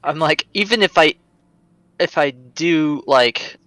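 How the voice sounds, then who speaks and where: A man chatting casually as a player at a tabletop game, upbeat and quick to laugh. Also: fairly high pitch, animated, sharp tone, no room sound. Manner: upbeat, laughs between lines.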